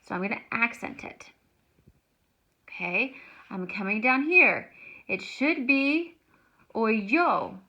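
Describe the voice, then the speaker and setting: A woman's voice: fairly high pitch, expressive, takes it slowly, long pauses, bright, forceful tone, low-quality recording. A woman teaching a grammar lesson, explaining each step patiently. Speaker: Spanish teacher.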